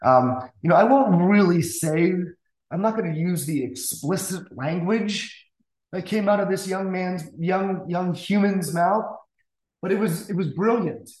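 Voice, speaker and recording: A man telling a classroom story in a casual, animated way, acting out the voices he quotes, with stammering restarts. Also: high voice, a little slow. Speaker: guest music teacher. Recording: roomy echo.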